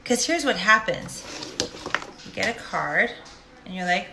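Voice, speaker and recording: A woman's voice: mid-range voice, animated, measured pace, creaky, very noisy. A woman, a life coach, speaking directly and animatedly in a casual faith-based monologue. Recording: roomy echo.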